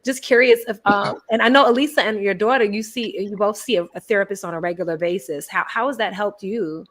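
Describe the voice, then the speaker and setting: A woman's voice: mid-range voice, a little fast, fairly bright tone. Woman host, chatty and friendly, casual panel talk vibe.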